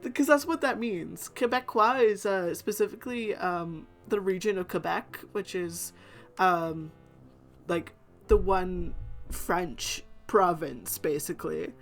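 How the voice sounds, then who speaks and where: A woman's voice: fairly low pitch, slow pace, soft background music. A young woman streaming a visual novel, reading its lines aloud and chatting with lots of fillers and asides. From Canada. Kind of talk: casual let's-play reading and chat.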